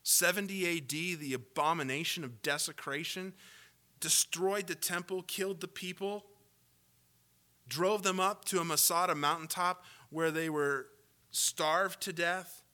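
A man preaching a sermon, with sarcastic asides and rising, impassioned build-ups to loud peaks. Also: on the high side, fairly even intonation, a little slow. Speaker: pastor.

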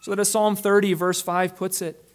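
A man's voice: high voice, little pitch movement. Earnest man preaching a sermon. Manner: earnest, emphatic preaching with swings between loud stresses and quiet drops; slows down to stress key phrases. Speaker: pastor.

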